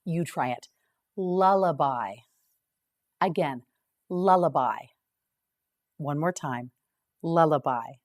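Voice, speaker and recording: Woman, English teacher, scripted word drill, slow careful enunciation, low voice. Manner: slow, clearly enunciated repetition.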